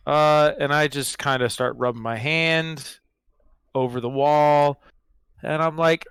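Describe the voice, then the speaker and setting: Smooth-voiced male tabletop player. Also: fairly high pitch, fairly even intonation, slow pace, a bit bright, no echo. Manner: describes actions, slips into quoted character lines. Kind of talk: casual tabletop play.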